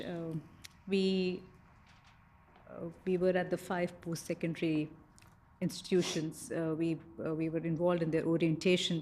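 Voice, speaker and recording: A woman elections official answering questions at a legislative committee, measured and hesitant. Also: sits low, a little mellow, slight background noise. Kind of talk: formal testimony.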